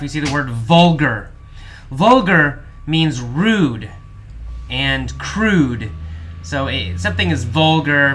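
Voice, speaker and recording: Man with a bright voice explaining vocabulary. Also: medium pitch, a little hiss or hum. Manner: slow, patient explanations with frequent repetition and fillers. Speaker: English teacher. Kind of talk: vocabulary lesson, explaining word meanings.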